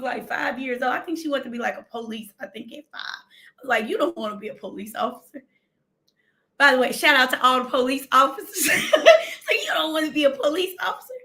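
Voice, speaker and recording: High, bright-voiced woman preaching fervently. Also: expressive. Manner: fervent, emphatic, repeats phrases, slows for scripture. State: near tears. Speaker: preacher on a livestream. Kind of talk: livestream sermon with scripture reading.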